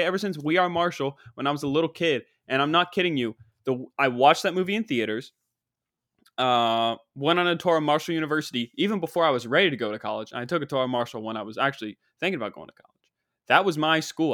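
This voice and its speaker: A young man in his twenties, hosting a show with an excitable, rambling, joking comedic monologue. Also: mid-range voice, brisk, dry recording, clean studio sound. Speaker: show host.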